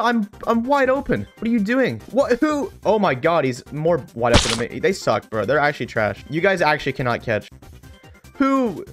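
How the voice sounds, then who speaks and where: Male gaming commentator, slightly high voice, excitable and trash-talking, faint music bed. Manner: excitable, trash-talking, self-mocking gamer banter. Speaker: gaming YouTuber. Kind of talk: live gameplay commentary.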